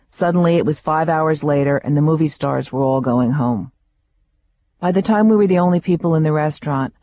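A woman's voice: sits low, mellow, dry recording. A woman author reading her memoir aloud, with wry, vivid storytelling.

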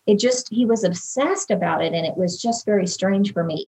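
A woman's voice: mid-range voice, normal speed, darkish tone, husky. A woman in an interview, earnestly and emotionally recalling events from her own life. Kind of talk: personal recollection in an interview.

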